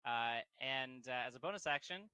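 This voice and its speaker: A man's voice: mid-range voice, normal speed, pushed and bright, clear, resonant tone, dry recording. A man narrating a tabletop game as game master, casual and laughing, swearing now and then.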